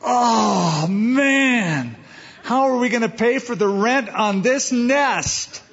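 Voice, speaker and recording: A man's voice: extremely high pitch, animated, takes it slowly, a bit bright, breathy edge, pitched above the performer's own voice, heavily acted. A man voicing a panicky little male bird fretting over its troubles, in a wailing tone. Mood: panicked. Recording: dull lo-fi sound.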